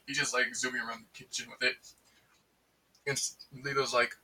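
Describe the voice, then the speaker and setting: A man excitedly recapping a movie in casual, rambling speech full of fillers and restarts. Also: medium pitch, a little fast, slightly rough, recorded from a distance, rough recording. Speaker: movie reviewer.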